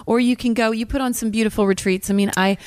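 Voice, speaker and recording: A woman hosting a casual podcast interview, effusive and quick to laugh. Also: a little high, steady tone, no room sound. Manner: warm, gushing, laughs easily. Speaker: podcast host.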